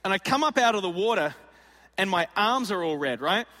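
Aussie pastor guy, high bright voice, goofy storyteller doing little voices, big echoey hall. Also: lively intonation, fairly quick. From Australia. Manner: playful storyteller acting out voices. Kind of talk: sermon with comic storytelling. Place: large auditorium.

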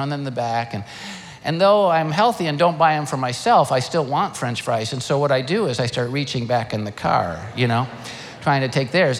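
An older man preaching a sermon, animated and emphatic, firing rhetorical questions. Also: fairly high pitch. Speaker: pastor. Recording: long hall reverb.

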